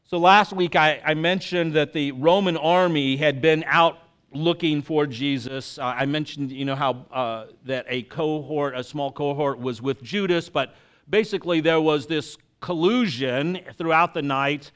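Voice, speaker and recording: A man's voice: fairly high pitch, unhurried, fairly bright tone, clear, resonant tone. A man reading scripture aloud with dramatic emphasis, then preaching casually to a congregation. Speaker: pastor.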